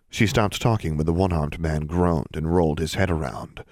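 Deep-voiced male audiobook narrator. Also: moderate pace, few pauses, a little mellow, dry recording, studio quality. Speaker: podcast narrator.

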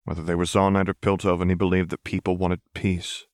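A man's voice: low-pitched, monotone, quick pace, dry recording, clean studio sound, close to an everyday voice. A man reading as a tough, tired woman enforcer. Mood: earnest. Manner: rough casual slang, quiet. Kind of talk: audiobook reading of fan fiction.

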